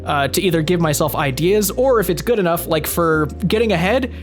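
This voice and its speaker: A man who makes gaming videos, answering viewer questions in a relaxed, casual chat and swearing freely. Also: fairly high pitch, a little fast, soft background music.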